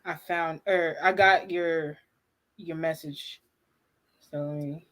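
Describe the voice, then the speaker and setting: Chatty excitable woman co-hosting a livestream. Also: low-pitched, slow pace. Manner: chatty and excitable, lots of fillers. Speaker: livestream co-host. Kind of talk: casual live watch-party chat.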